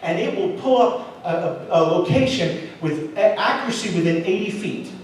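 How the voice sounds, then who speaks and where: High-voiced pastor preaching in an echoey hall. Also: male voice, normal speed, a little hiss or hum. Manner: storytelling, animated, shifts between loud emphasis and soft asides. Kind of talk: sermon. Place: church auditorium. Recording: echoey hall, mic at a distance.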